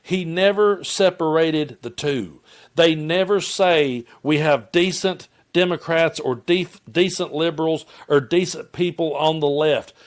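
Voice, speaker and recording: A man's voice: on the high side, measured pace. A man from Tennessee with a Southern accent, giving impassioned political commentary and calling his viewers folks. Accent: Southern American.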